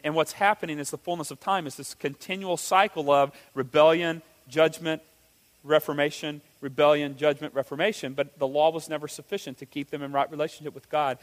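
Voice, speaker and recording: A man preaching a sermon with animated delivery, asking rhetorical questions and acting out quotes. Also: fairly high pitch. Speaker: pastor. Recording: reverberant hall.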